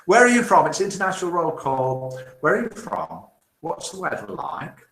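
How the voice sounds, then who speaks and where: Bright, animated male host, chatty and cheerful, roomy echo. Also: fairly high pitch, moderate pace. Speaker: host of a live daily broadcast. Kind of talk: casual live-stream chat, reading viewer comments.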